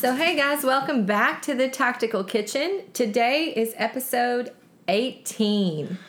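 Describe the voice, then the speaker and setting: A woman in her late forties co-hosting a podcast. She talks loudly and chattily and laughs often, with a voice scratchy from shouting. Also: fairly high pitch, lively intonation, measured pace, faint music behind. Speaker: podcast co-host, chef. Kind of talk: casual podcast chat.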